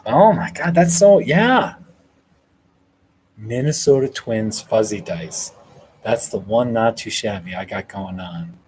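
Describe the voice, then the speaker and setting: A man's voice: on the low side, lively intonation, takes it slowly, a little mellow, slight background noise, poor audio. A man hosting a casual livestream from a hotel room, reading viewer comments, thanking people by name and laughing often. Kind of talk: casual live chat.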